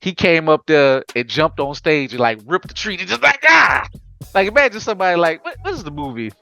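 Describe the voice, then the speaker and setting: A man hosting a casual anime podcast, telling it in an animated, slangy way with frequent laughs. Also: a little high, fast talker, soft background music. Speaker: podcast host.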